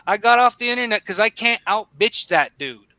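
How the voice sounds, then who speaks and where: Bright high-voiced man, blunt and profane. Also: lively intonation, normal speed, dry recording. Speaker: guest on a livestream. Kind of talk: heated argumentative chat.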